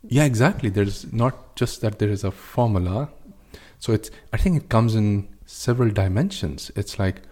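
A man's voice: fairly low pitch, expressive, moderate pace, a little mellow. A man on a podcast recounting stories and ideas in a chatty way, with frequent "uh" fillers. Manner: storytelling, with "uh" fillers and restarts. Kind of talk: casual discussion.

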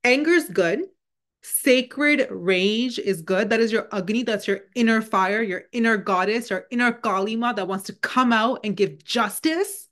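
A woman's voice: fairly high pitch, measured pace, fairly bright tone. A woman who works as a spiritual channel, chatting casually as she retells a conversation, with plenty of fillers and asides. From Indian heritage. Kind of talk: casual storytelling monologue.

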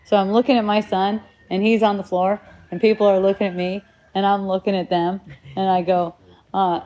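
A woman in her forties telling a story casually, animated, laughing often and restarting her sentences. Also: medium pitch, moderate pace. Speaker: parent sharing a story.

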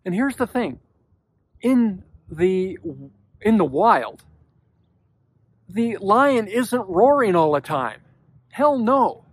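A man with a notably high voice giving a motivational podcast talk to men. He speaks emphatically and bluntly, dropping casual swear words. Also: very animated, slow, pauses often, no room sound. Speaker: podcast host.

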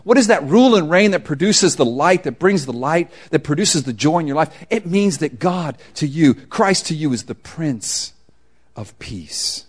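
A male pastor delivering a sermon in a relaxed, conversational way, with casual slang. His voice sits fairly high and moves a great deal, dropping to near whispers before rising again for emphasis. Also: normal speed, hardly any pauses. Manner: animated, swings from hushed to loud emphasis.

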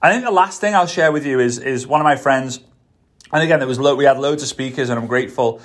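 A man's voice: medium pitch, fast talker, a bit bright. A man with a Liverpool Scouse accent hosting a solo podcast as a network marketing coach, talking in an enthusiastic, sing-song way and repeating words for emphasis. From Liverpool, England.

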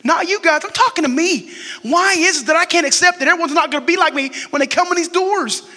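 High-voiced bright pastor in a reverberant hall. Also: male voice, quick pace. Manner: conversational, asks the crowd questions and jokes. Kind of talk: sermon. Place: church sanctuary.

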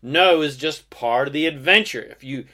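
A man delivering a motivational podcast monologue in a bright, forceful voice pitched a little high. He exhorts the listener with emphatic, sometimes profane conviction. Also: moderate pace. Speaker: podcast host and success coach.

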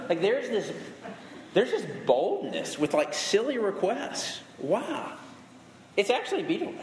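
A man's voice: high-pitched, a little hiss or hum. A man in his thirties, a pastor, preaching a conversational sermon with emphatic repetition. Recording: echoey hall with faint ambience.

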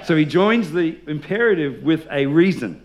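A man's voice: fairly high pitch, expressive, normal speed. A male pastor preaching a sermon, telling stories with humor and leading the congregation in call-and-response.

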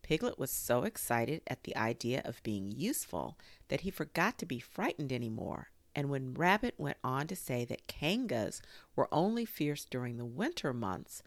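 A woman reading a children's story aloud in an expressive, unhurried way. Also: extremely low pitch, vocal fry, no echo.

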